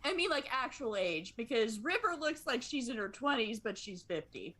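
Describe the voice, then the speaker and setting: A woman at a tabletop game asks questions in a chatty, casual way. Her voice is high and swoops lively up and down. She uses filler words. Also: normal speed. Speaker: player.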